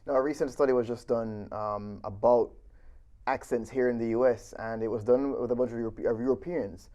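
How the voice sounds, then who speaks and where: A man's voice: mid-range voice, fairly even intonation, fairly quick, dark tone. A man hosting a radio interview, asking questions conversationally. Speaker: interviewer, student radio host.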